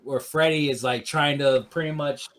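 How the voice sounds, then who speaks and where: A man's voice: on the high side, fairly even intonation, normal speed, fairly bright tone. A man with a slightly raised voice recapping a movie on a casual review podcast. He rambles loosely, fills his lines with "like," and acts out characters' quotes. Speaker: podcast co-host.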